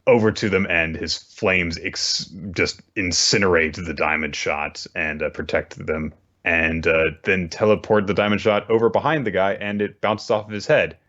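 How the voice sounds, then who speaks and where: Deep-voiced man, dull lo-fi podcast sound. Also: normal speed, a bit bright. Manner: plain, filler-heavy plot retelling. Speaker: podcast co-host. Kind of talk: casual manga recap chat.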